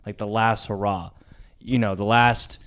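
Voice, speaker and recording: Young male podcast co-host, low voice, swearing, big swings between loud and hushed storytelling. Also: steady tone, measured pace. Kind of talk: casual comedic storytelling.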